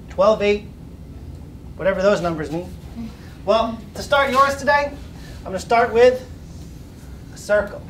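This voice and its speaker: Male elementary music teacher, upbeat and patient, call-and-response delivery; distant, echoey classroom recording with faint room noise. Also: sits high. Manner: upbeat, patient, chants rhythms for children to repeat.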